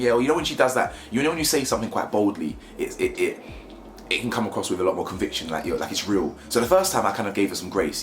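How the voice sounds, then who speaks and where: A man's voice: fairly low pitch, racing, echoey room, a little hiss or hum. A man giving a blunt, mocking, slangy review of a reality show in casual commentary.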